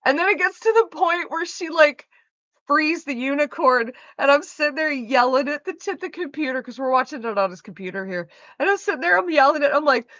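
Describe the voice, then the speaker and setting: A woman streamer chatting casually with viewers, animated and profane, with lots of "like" fillers. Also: sits high, brisk, dry recording. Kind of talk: casual live stream chat. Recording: slightly dull lo-fi sound.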